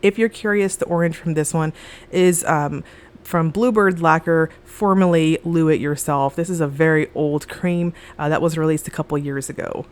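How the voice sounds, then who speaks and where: A young woman with a slightly low voice talks through her nail art in a relaxed voice-over. She is chatty and easygoing, with plenty of fillers as she goes. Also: moderate pace, clean tone. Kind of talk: casual voice-over tutorial.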